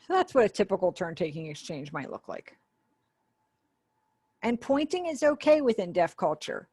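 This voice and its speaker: A woman serves as the ASL voice interpreter for a webinar teacher, speaking for a sign language instructor in an online class. Her medium-pitched voice is very animated and dark with a breathy edge, moving at normal speed with no echo. She explains things step by step in a conversational way, slipping in small asides.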